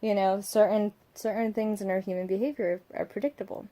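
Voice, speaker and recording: A woman's voice: mid-range voice, fairly even intonation, brisk, dark tone. A young woman, a mother, talking reflectively at home in a vlog, rambling with many fillers and asides. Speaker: vlogger, mother.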